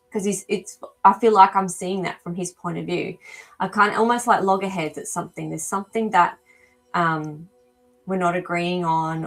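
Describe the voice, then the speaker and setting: A woman hosting a live animal communication show. She speaks in a casual, searching way with many ums and answers viewers' comments as they come in. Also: mid-range voice. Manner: hesitant, searching for words with frequent ums. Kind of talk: live-stream reading, casual chat.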